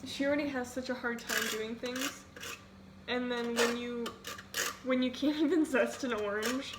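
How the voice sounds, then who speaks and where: A young woman cooks in her home kitchen while vlogging, rambling chattily and making fun of herself with plenty of "like"s. Her voice is on the high side and her pace is measured. Steady background noise runs under the home video.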